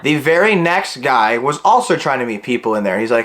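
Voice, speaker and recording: A man's voice: mid-range voice, fast talker, few pauses. A young man in his twenties from Illinois, telling a story in a casual vlog and acting out the dialogue. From Illinois, USA. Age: 20s. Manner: animated, acts out the dialogue.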